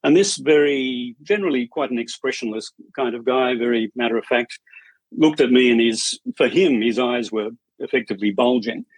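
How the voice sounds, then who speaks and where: Male strata chair, husky and dry-humoured, steady anecdotal delivery. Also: mid-range voice, moderate pace, no echo, low-quality recording. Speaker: strata committee chair, podcast guest. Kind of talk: conversational interview storytelling.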